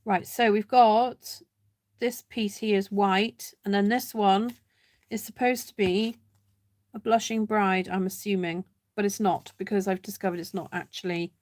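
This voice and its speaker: Speaking unhurriedly in a steady, mid-range voice with a darkish tone, a woman leads a live card-making demonstration with no room sound. She's chatty and self-deprecating, thinking aloud as she works and greeting viewers by name.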